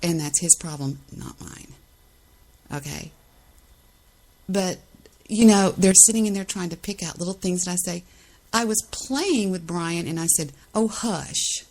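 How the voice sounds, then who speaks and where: A woman rants on her own podcast in a low, gravelly, husky voice. She sounds indignant and defensive and hammers her points home by repeating phrases. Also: moderate pace, darkish tone, low-quality recording. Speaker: podcast host. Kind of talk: ranting monologue.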